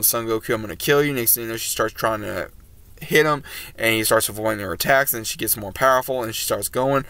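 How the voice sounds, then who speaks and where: A man's voice: mid-range voice, a bit bright, clean tone, dry recording. A man giving a casual, rambling recap of an anime episode as a reviewer, with fillers and restarts.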